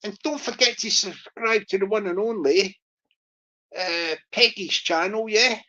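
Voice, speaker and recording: A woman's voice: medium pitch, a little slow, bright, forceful tone. Rambling woman livestream host, lo-fi. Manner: rambling, many fillers and restarts. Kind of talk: casual livestream chat.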